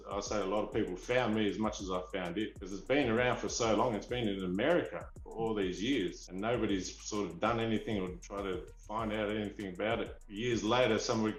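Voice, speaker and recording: A man's voice: lowish voice, roomy sound, low-quality recording. A man from Australia with an Australian accent, a collector telling rambling, eager stories in a casual interview. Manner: eager, rambling, restarts often. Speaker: figurine collector, guest.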